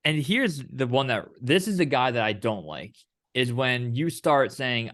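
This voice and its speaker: A young man co-hosting a relaxed chat, retelling exchanges with animation and playing out each side himself. He curses freely, and his voice sounds close and dry, with no room around it. His pitch sits in a middling range. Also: a little slow, dry recording. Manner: animated storyteller, acts out quoted exchanges; casual, swears freely. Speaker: co-host. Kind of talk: casual chat.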